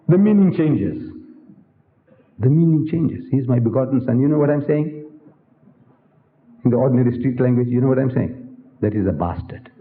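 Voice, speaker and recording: Animated older man lecturing, tinny recording. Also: on the high side, brisk, long pauses. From South Africa. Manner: animated, theatrical, with rhetorical questions and acted-out dialogue. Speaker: guest lecturer. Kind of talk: public religious lecture. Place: large lecture hall with an audience.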